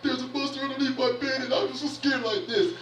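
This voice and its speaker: A frightened, whining little child, as a preacher puts it on, pitched far above his usual voice. The voice sounds strained and sharp. It is heard from a distance in a roomy church hall. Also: steady tone, fast talker, faint music behind.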